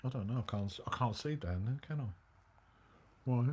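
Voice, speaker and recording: A middle-aged man telling a motorbike travel story in casual chat, animated and full of slang. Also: medium pitch, fairly quick, husky. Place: hotel room, indoors.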